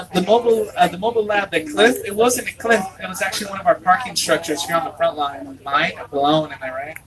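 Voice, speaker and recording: Casual guy narrating a tram tour on the PA, high pitch, bit far off, music underneath. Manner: playful, jokey, excitable. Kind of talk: theme park tour narration.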